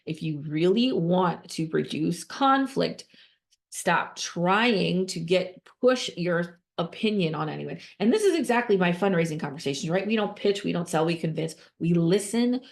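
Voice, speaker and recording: A woman giving conversational podcast advice as a nonprofit fundraising consultant, emphatic and repetitive, with quick restarts and rhetorical questions. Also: lowish voice, lively intonation, gravelly.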